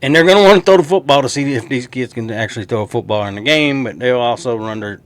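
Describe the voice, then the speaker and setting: A man with a Southern drawl runs through his football predictions in a loose, joking way, asking viewers what they think. His voice sits in the middle range for a man, and his delivery is lively and chatty. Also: medium pitch, fast, no echo. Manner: animated, jokey, talks straight to viewers. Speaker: sports show host. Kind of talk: casual sports prediction talk.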